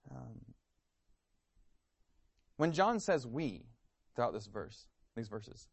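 A man's voice: mid-range voice, very animated, slow, gravelly, husky, no echo. Male preacher, earnest sermon delivery, probing questions, dry sound. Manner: earnest, searching questions, some stammered repeats.

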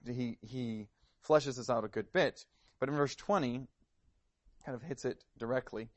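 A man's voice: medium pitch, moderate pace, no echo. Male preacher, earnest sermon delivery, probing questions, dry sound. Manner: earnest, searching questions, some stammered repeats.

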